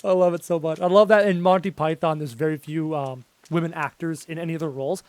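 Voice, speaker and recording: A man giving chatty live gameplay commentary, excitable and often yelping at enemies. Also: fairly high pitch, fast, no echo. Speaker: gaming YouTuber.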